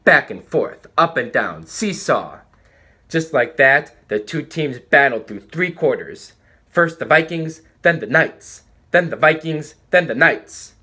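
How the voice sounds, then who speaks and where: A man reading a children's book aloud with animated, dramatic pacing. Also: a little high, takes it slowly, husky. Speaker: storybook reader.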